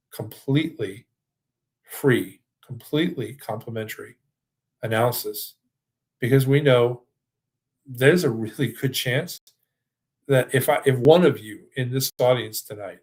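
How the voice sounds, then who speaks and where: An older man hosting a financial webinar, giving an enthusiastic sales pitch full of restarts and then answering audience questions. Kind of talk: presentation and live Q&A.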